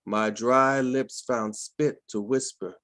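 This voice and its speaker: A man reading a poem aloud at an online open mic in a slow, solemn manner, on a home computer mic over a video call. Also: medium pitch, steady tone, a bit bright, dry recording. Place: home room, dry sound.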